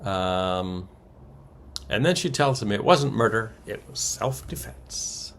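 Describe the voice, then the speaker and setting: A man's voice: lowish voice, lively intonation, slow, gravelly, a bit bright, a little hiss or hum. A man co-hosting a podcast, casually recapping soap opera episodes with wry asides and chuckles. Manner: wry, chuckles through summaries, many ums and uhs.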